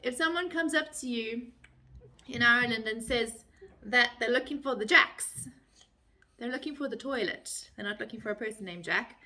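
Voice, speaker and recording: A woman's voice: on the high side, normal speed, bright, forceful tone. A woman from South Africa with a South African accent, casually explaining phrases to the camera in a light-hearted, chatty way. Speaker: vlogger.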